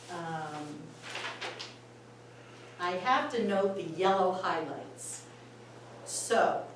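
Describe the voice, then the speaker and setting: A former school administrator gives an informal talk on poetry to choir singers, reading lines aloud in a chatty, unhurried way and laughing often. Her voice is lowish and sits far from the mic in a big, echoing room with faint background noise.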